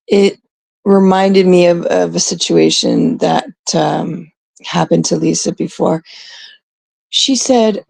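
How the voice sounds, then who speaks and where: A woman's voice: on the low side, creaky, warm tone, no room sound. A Canadian woman in casual, unscripted talk to her chat, blunt and rambling, swearing often. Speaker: streamer talking to chat.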